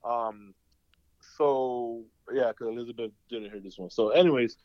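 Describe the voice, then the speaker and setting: A man's voice: medium pitch, measured pace, a little mellow, dry recording, muffled recording. A man co-hosting a casual podcast chat, rambling through stories full of swearing and acted-out quotes. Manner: rambling storyteller, heavy swearing, acts out quotes. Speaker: podcast co-host.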